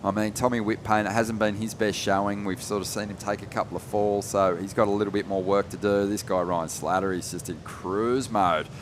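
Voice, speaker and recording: A man calling a surf contest live, relaxed, rising in energy on big turns. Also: lowish voice, brisk, few pauses, background noise. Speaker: surf commentator. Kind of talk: live sports commentary.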